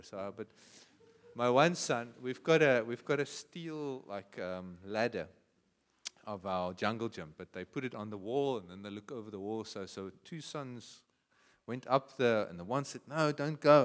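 A male pastor with a South African accent preaching a sermon, swinging from hushed, prayerful tones to loud, passionate cries. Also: medium pitch, big-room sound.

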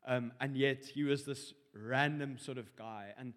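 A man's voice: medium pitch, measured pace, fairly bright tone, long reverb tail. A young man sharing a dream in church, telling it in a rambling, hesitant way full of fillers. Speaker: congregation member sharing a dream. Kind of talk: personal testimony in church. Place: church hall.

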